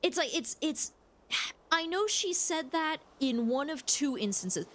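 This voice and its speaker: Young woman gaming streamer, slightly high voice, loose and frank, swears a lot, rambles casually. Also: lively intonation, takes it slowly, a bit bright. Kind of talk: casual chat while playing a game.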